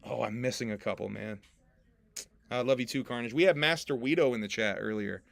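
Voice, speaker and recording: A man chatting loosely on a livestream, cracking himself up and cursing between jokes. His voice sits at an ordinary middle pitch, recorded close and dry with no room sound around it. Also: a little fast, gravelly, dry recording. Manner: laughs often, swears freely, loose and joking. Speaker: podcast host and rapper. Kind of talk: casual livestream chat.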